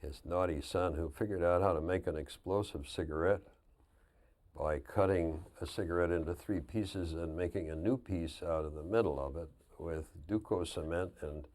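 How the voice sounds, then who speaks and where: An older man telling lively anecdotes as a guest on a 1999 television interview, often laughing at his own stories. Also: deep voice, normal speed. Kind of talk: casual storytelling.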